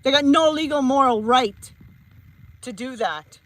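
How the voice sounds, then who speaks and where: A woman's voice: high-pitched, a little slow, a bit bright, dry recording, poor audio. A woman, a psychic medium, giving a heated vlog rant and repeating her points emphatically. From Canada.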